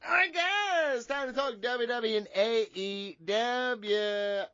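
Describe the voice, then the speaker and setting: A man's voice: extremely high pitch, slow, bright, forceful tone, no echo, lo-fi sound, faint music behind. A man hosting a podcast in casual chat, rambling with crude, profane jokes. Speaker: podcast host.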